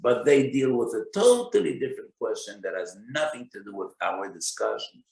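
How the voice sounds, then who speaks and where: A man giving a Torah lecture as a rabbi, speaking deliberately and citing sources with Hebrew terms. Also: mid-range voice, big pitch swings, vocal fry, a little mellow, echoey room, low-quality recording. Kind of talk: Torah lecture on Jewish law.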